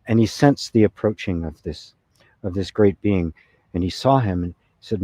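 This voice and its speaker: A spiritual teacher with a low voice gives a conversational satsang talk at a moderate pace, frequently checking in with "right?" and laughing softly. There's no echo.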